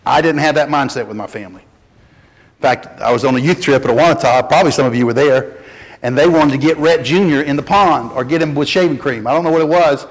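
A man preaching a sermon as pastor, folksy and animated, building to strong emphasis. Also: fairly high pitch, a little fast, long reverb tail.

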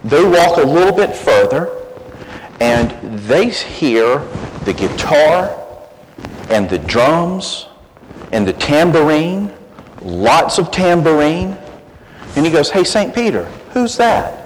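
A man's voice: fairly high pitch, lively intonation, slow pace, pauses often. Folksy man in a reverberant church. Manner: folksy, self-deprecating humor. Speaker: guest speaker from the Gideons. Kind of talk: church talk opening with a joke. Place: church sanctuary. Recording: long church reverb, faint hiss.

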